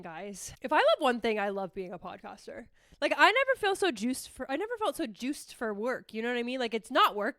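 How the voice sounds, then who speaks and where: A high-pitched young woman hosts her podcast in a bubbly, rambling way, swearing casually and restarting her sentences. Her voice is bright and forward. She is recorded close on a dry microphone with no room sound. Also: no room sound. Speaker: podcast host. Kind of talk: casual solo podcast chat. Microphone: close podcast mic.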